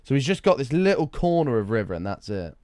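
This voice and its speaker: During a casual game stream, a man mutters to himself, thanks his viewers, and reacts offhandedly to a tutorial video. He speaks quickly in a medium-pitched, slightly mellow voice with big pitch swings, over faint background music and slight background noise.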